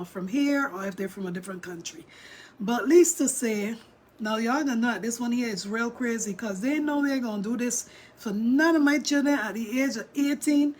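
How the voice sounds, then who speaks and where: Chatty woman vlogger, highish voice. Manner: chatty, talks straight to viewers and reads chat. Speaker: vlogger reacting to a video. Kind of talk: casual livestream commentary.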